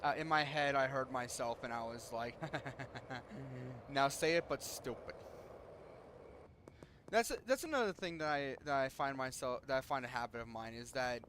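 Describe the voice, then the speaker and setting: Young man, gaming streamer, casual commentary, rambling, self-interrupting, average pitch. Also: expressive, a little fast, hardly any pauses, background noise.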